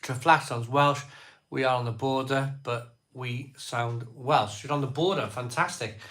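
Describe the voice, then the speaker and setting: A man hosting a casual live stream, rattling off viewers' places and beers in quick lists as he reads their comments. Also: mid-range voice, a bit bright.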